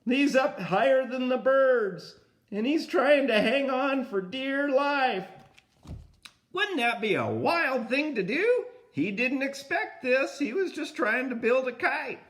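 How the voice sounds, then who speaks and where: An older man reading a picture book aloud to a grandchild, pausing to point at the pictures and comment on them. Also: very high voice, expressive, fairly bright tone.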